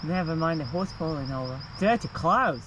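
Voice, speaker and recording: A middle-aged Australian mother films her family's camping trip at a campsite by a river, chatting playfully and teasing in a casual travel-vlog style. Her voice is low-pitched and expressive, at a moderate pace. It's a noisy outdoor phone recording.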